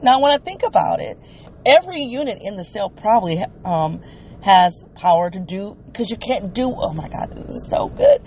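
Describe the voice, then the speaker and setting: A woman's voice: mid-range voice, expressive, moderate pace, a little mellow, slight background noise. A middle-aged woman and former teacher talking alone on her podcast, thinking aloud, laughing often and amused with herself. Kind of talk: casual solo monologue.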